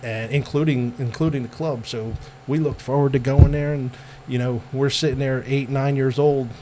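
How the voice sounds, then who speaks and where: A man's voice: mid-range voice, fairly even intonation, normal speed, dark tone, slight background noise. A middle-aged American man chatting as an interview guest, rambling with lots of fillers and restarts and laughing often. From United States. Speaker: guest, Italian-American club president. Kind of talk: casual interview chat.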